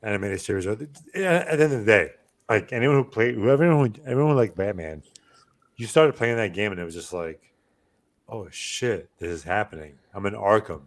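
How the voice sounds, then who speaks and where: Guy with a lowish voice cohosting a podcast, hyped, swears, keeps restarting his sentences. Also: expressive, fast. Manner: enthusiastic, profane, repeats himself. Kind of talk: casual chat among friends.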